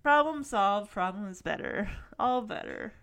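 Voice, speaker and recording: A woman's voice: medium pitch, expressive, a little slow, a bit bright. Chatty woman recapping an episode. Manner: chatty, affectionate, with frequent asides and laughs. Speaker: show recap host. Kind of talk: casual episode recap commentary.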